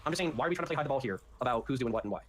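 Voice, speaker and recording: A combative man argues in an online debate, talking very fast. He is profane and sarcastic, and steady noise sits behind his voice. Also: medium pitch. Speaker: debate participant. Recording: noisy background.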